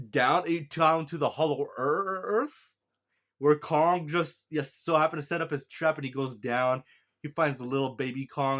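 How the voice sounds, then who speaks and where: A man talking through a movie review in a loose, chatty way. He rambles, laughs often and keeps correcting himself mid-sentence. His voice sits at an ordinary middle pitch. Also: fairly bright tone. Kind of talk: casual spoken movie review.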